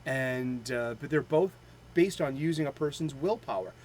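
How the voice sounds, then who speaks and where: A man's voice: mid-range voice, a little mellow, slight background noise, low-quality recording. A man with a Boston accent hosting a daily show, chatting casually with many fillers and restarts, full of a fan's enthusiasm. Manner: rambling, halting, with many fillers; enthusiastic fan. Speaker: host of a daily comics show. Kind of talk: casual chat.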